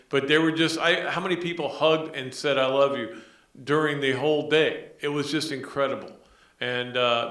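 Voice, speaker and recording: A middle-aged man hosts a sports podcast, talking in a loose, rambling way with plenty of fillers and restarts. His voice is bright and forward, and it rings a bit in an echoey room. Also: mid-range voice. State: emotional. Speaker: podcast host. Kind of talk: casual sports talk.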